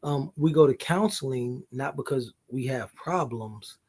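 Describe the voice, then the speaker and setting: A man's voice: medium pitch, unhurried, a little mellow, breathy edge. A man co-hosting a casual couple's podcast, talking earnestly, often cutting in and apologizing, with some swearing. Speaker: podcast co-host.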